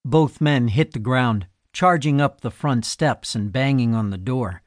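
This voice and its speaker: A man narrating a crime novel audiobook in a measured, even storytelling manner on a close studio mic. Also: medium pitch, dry recording. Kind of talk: scripted narration.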